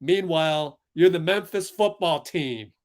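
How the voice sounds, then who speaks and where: Speaking unhurriedly in a slightly high voice, this young livestream host runs a basketball watch-along. He comes across heated and exasperated, laughing and sighing often.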